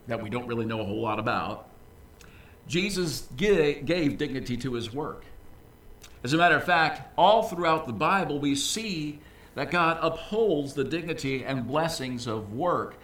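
A man preaching a sermon as pastor, in a lively, conversational way with casual asides. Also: on the high side, slight background noise. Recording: echoey room, voice from a distance.

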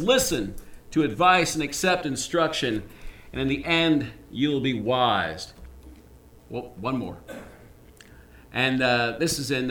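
Lively, animated male pastor preaching. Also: medium pitch, reverberant. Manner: animated, emphatic, with asides and quick jokes. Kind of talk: sermon.

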